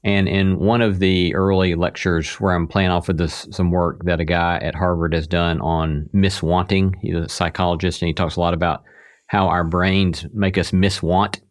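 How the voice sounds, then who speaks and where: A man with a low voice hosting an interview show. He introduces his guest and asks questions in a thoughtful, professorial manner. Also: little pitch movement, normal speed. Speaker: podcast host.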